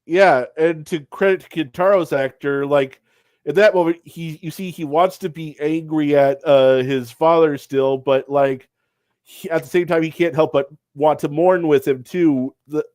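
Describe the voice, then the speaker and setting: A man's voice: on the high side, fairly even intonation, unhurried, a little mellow, no echo. A man hosting a casual show review chat, blunt and profane, retelling scenes as he goes. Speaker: podcast host.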